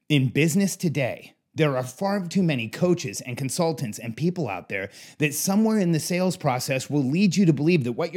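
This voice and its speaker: A man's voice: a little high, darkish tone, slightly rough. A man who works as a business coach, telling a work anecdote in a casual, candid way. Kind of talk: storytelling monologue.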